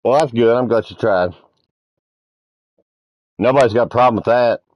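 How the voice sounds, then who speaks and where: The recording is dry and muffled, carrying a man's mid-range voice at normal speed. As a gaming streamer in a multiplayer match, he banters casually and crudely with friends, teasing them and telling meandering stories.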